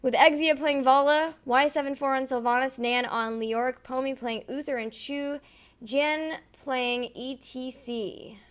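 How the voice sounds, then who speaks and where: A woman casting an esports match, introducing the players and calling the action in brisk, upbeat play-by-play. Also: sits high, fairly even intonation, clean tone. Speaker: esports caster. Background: faint game music.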